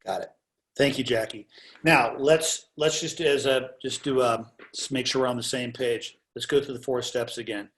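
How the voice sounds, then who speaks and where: A man's voice: mid-range voice, steady tone, moderate pace, fairly bright tone. A male coach runs a trial skills workshop. He asks direct, guiding questions in an ordinary mid-range voice.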